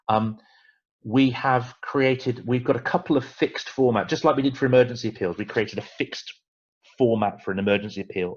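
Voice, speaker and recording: A man presenting a fundraising webinar, emphatic and animated, repeating words for stress. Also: lowish voice, slightly rough, dull audio.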